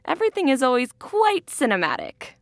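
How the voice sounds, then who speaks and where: A young woman playing a sarcastic, angry high school girl, narrating and acting in a student film. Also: huge pitch swings, fairly quick, full character voice. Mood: reflective. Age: young adult. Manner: sardonic, bitter.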